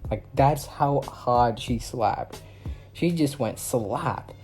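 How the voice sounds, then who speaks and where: A man's voice: mid-range voice, slow pace, darkish tone, soft background music. A young man vlogger telling a story in a rambling way, full of fillers. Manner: rambling, filler-heavy casual talk. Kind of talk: storytime vlog.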